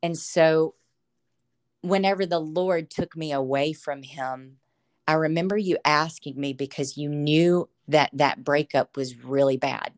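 A woman's voice: sits low, unhurried. A woman, a podcast guest, telling her faith testimony in casual chat, earnest and emotional, often breaking into laughter.

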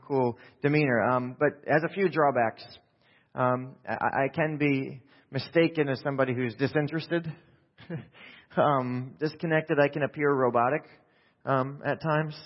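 Calm, low-key male preacher in a hall. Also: normal speed. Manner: calm, low-key, self-deprecating delivery with many fillers. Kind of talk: sermon. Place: church sanctuary during a service. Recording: echoey hall, dull lo-fi sound.

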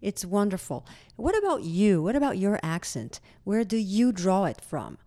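A woman's voice: mid-range voice, sing-song, moderate pace, mellow. A woman with a foreign accent hosting an interview, asking curious, enthusiastic questions. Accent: non-native English. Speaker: interviewer, host. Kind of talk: interview conversation.

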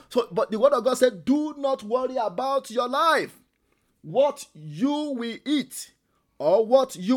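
High-voiced man leading fervent prayer. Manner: emphatic, repeats phrases, swings between soft and loud; speaks in tongues while praying. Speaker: prayer leader. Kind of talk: leading a prayer meeting sermon.

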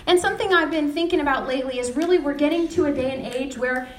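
Woman preacher, high voice, echoey hall sound, storytelling sermon delivery. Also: fast talker, slight background noise. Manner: storytelling with lively retold dialogue. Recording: echoey room.

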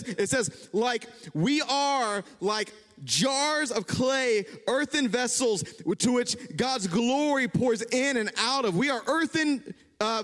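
Man, pastor, animated conversational sermon, emphatic peaks, ringing church hall. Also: extremely high pitch.

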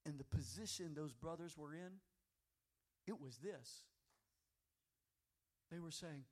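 A male pastor preaching a sermon, telling a story quietly and then rising to loud, fervent exhortation. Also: fairly high pitch, slow, pauses often.

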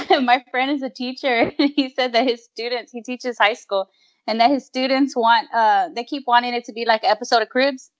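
A high-pitched woman co-hosting a casual podcast. She tells loose, funny stories and laughs often as she talks. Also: steady tone, normal speed, highs cut off. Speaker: podcast co-host. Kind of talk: casual chat.

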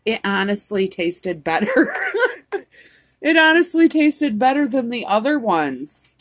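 A woman's voice: fairly high pitch, big pitch swings, unhurried, no echo. A woman co-hosting a casual podcast chat, telling stories with frequent swearing and laughter. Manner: profane, laughing storyteller. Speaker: podcast co-host.

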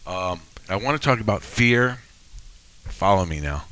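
A man's voice: low voice, expressive, normal speed, a bit bright. A man in his sixties hosting a faith podcast, telling emotional stories in a rambling way with many restarts. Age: 60s. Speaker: podcast host. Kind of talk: casual faith podcast chat.

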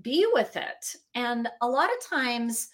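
A woman's voice: a little high, expressive, slow, fairly bright tone. A woman talking as an emotions advocate in a casual podcast chat, earnest and reflective, often repeating phrases for emphasis.

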